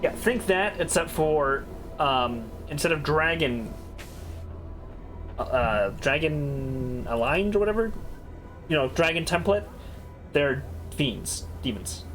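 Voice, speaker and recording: A man's voice: a little high, animated, takes it slowly, pauses often, fairly bright tone, soft background music. A man streaming a video game, chatting casually, thinking aloud, swearing freely and reading on-screen text aloud.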